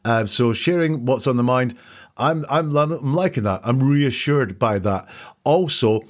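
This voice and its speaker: Male podcast host; measured, analytical commentary at a mid-range pitch. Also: lively intonation. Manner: measured, thinking aloud.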